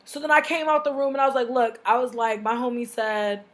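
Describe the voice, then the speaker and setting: A young woman vlogging a heated storytime rant straight to camera, cursing freely and slipping into the voices of everyone in the story. Her voice sits a little high for a woman, and she swings between shouting and muttering. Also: brisk. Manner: loud, profane, animated venting with acted-out dialogue.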